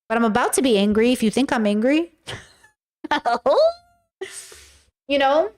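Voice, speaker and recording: Woman host, high bright voice, casual livestream chat, loose and candid, swears often. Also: normal speed, long pauses. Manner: candid and rambling, swears freely, acts out her own quotes. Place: home livestream.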